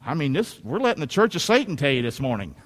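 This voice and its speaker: A male pastor, preaching an animated sermon that swings from shouts to quiet asides. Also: a little high, fast, long reverb tail.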